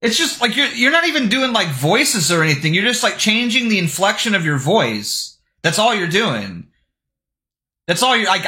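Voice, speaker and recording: A young male streamer with a bright, high-ish voice reacts scornfully, swears freely and swings his pitch all over. The room gives his voice a noticeable echo. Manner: scornful, swearing, breaks into laughter. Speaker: streamer reacting to posts and videos. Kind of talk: casual crude reaction commentary. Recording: roomy echo.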